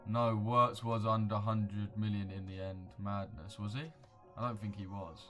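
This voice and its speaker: Speaking over music, this young man hosts a casual livestream and responds to viewer comments with blunt slang. His voice is fairly low and fairly even in intonation, and his pace is moderate.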